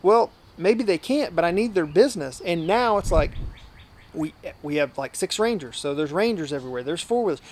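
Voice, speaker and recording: High-voiced, earnest hunting outfitter. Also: male voice, expressive, brisk, darkish tone. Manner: earnest, talkative, often acts out quoted dialogue. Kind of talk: casual storytelling in a podcast interview.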